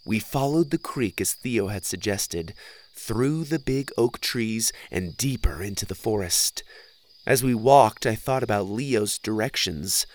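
Slow, hushed male storyteller. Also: lowish voice, a little hiss or hum. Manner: dramatic, with frequent hushed whispering. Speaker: narrator. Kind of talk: scripted first-person story narration.

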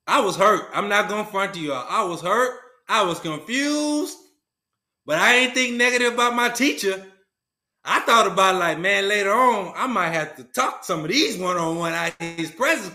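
High, bright-voiced man telling a story. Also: expressive, moderate pace. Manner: earnest, colloquial and emphatic. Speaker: guest. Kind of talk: storytelling in a podcast conversation. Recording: roomy echo.

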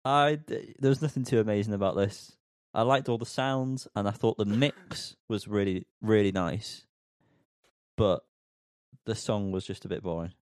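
Unhurried low male co-host, smooth and dry, plain delivery. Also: no echo. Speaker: podcast co-host reviewing music. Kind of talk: casual chat.

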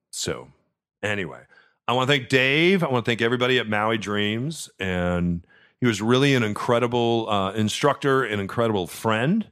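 A middle-aged man hosting a podcast, telling a personal story in a chatty way, stumbling over repeated words and dropping soft and low at the tender parts. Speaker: podcast host. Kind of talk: casual storytelling.

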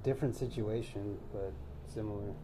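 A man's voice: lowish voice, fairly even intonation, moderate pace, noisy background. A man co-hosting a podcast in casual chat, teasing and swearing. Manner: teasing, swearing, chimes in often. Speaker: podcast co-host.

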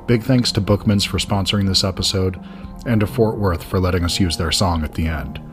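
A man's voice: deep voice, fairly quick, faint music behind. A man from Georgia with a Southern accent, hosting a film podcast and chatting eagerly, often rambling with restarts. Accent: Southern American. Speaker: podcast host. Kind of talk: conversational film interview.

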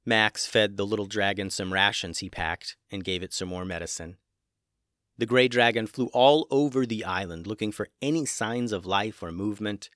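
A man hosting a children's podcast and narrating a storybook in a gentle, measured way. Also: lowish voice, dry recording, studio quality.

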